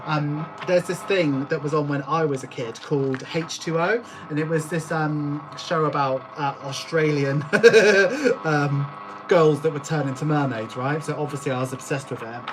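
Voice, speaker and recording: A woman's voice: sits low, fairly even intonation, normal speed, noisy background. A young woman, chatting casually in a vlog while making cash envelopes, giggly and joking as she rambles. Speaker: budgeting vlogger. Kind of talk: casual chat while doing a craft task.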